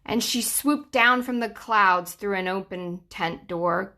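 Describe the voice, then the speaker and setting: A woman's voice: mid-range voice, slow pace, hardly any pauses, bright, forceful tone. A young woman reading a rhyming children's book aloud in a sing-song manner, with dramatic drops. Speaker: storyteller.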